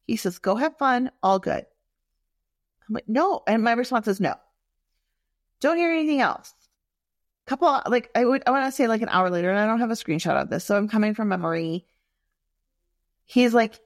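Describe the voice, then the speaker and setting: A woman candidly telling personal stories in a frank, expressive way, full of fillers and asides. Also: mid-range voice, moderate pace, pauses often, dry recording, clean studio sound.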